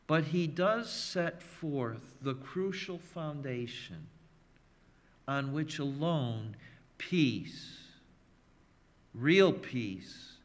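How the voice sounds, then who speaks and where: A man preaching a sermon as pastor, emphatic and measured, leaning on repeated phrases. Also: mid-range voice. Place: church sanctuary. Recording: long reverb of a church hall.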